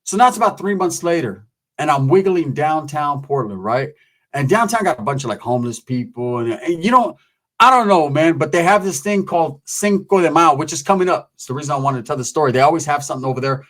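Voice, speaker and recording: Animated, slangy man telling a story. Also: fairly high pitch, fast. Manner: animated, swearing, slangy, acts out quotes. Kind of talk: casual storytelling.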